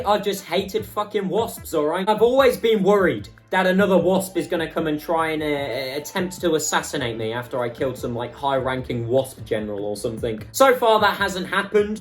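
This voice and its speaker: A young man telling a funny story as a channel host, swearing constantly and checking in with "okay?". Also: high-pitched. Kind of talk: comic storytime monologue.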